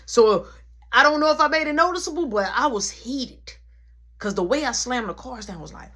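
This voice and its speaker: A woman spins a personal story in relaxed, casual speech. Her delivery is animated and slangy, punctuated with quick sound words that keep the story moving. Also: high voice.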